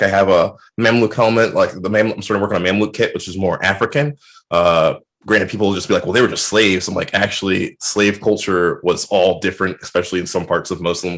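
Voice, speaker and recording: Ernsthafter Mann mit tiefer Stimme, Videoanruf. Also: male voice, low-pitched. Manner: earnest, animated retellings with lively quoted voices. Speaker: guest. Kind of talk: casual chat.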